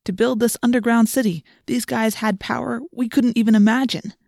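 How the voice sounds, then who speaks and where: A woman narrating a first-person audiobook in a steady, plain storytelling voice. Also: on the high side, fairly quick, vocal fry, no room sound, studio quality.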